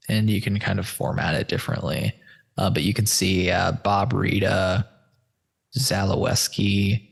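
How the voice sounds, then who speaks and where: A man with a lowish, creaky voice hosts a podcast in loose, rambling, profane chat. He addresses listeners as folks while walking through a shared screen.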